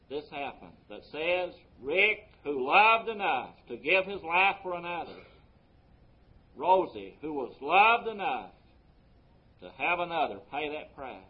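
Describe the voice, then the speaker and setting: Preaching man, swelling and dropping, lo-fi. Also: a little high. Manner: preaching with sweeping rises and drops in loudness. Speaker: pastor. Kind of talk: sermon.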